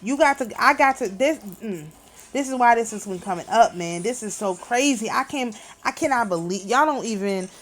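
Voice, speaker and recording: A woman's voice: on the high side, animated, normal speed. A woman hosting her own channel, talking in a casual, emphatic and indignant way. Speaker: channel host. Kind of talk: casual vlog commentary.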